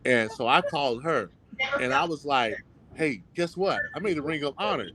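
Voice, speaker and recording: A man's voice: a little high, expressive, normal speed, a crowd in the background, low-quality recording. A man, a former professional football player, telling stories in a casual interview, acting out the voices of people he quotes and laughing often.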